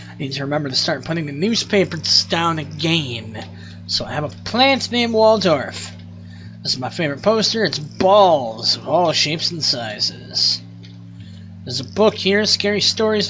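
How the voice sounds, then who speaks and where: A man's voice: on the high side, expressive, moderate pace, bright, forceful tone, slight background noise. A man hosting a let's play, reading the game text aloud with wry, profane asides.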